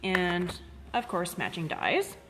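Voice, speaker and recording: A chatty woman hosts a live craft-supply demo, her voice sitting a little low. She talks loosely with plenty of "um"s and stops to greet viewers by name. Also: big pitch swings, slow. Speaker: craft shop host. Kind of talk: live-streamed product demo.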